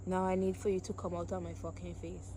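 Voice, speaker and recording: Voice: mid-range voice, monotone, a little fast, mellow, slight background noise. A speaker in a comedy sketch, talking in a confrontational, mock-scolding way.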